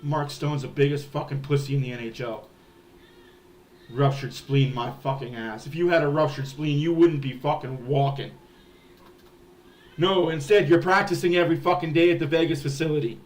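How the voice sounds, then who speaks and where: A man's voice: on the high side, normal speed, darkish tone. A man hosting a hockey fan livestream, ranting in a heated, profane way. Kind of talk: ranting sports livestream talk.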